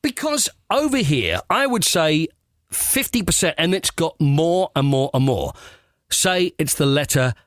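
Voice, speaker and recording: A man, a sports radio presenter, chatting as a guest and telling playful stories in a comic, animated way. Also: on the high side, a little slow, dry recording, clean studio sound. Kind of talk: comic casual chat.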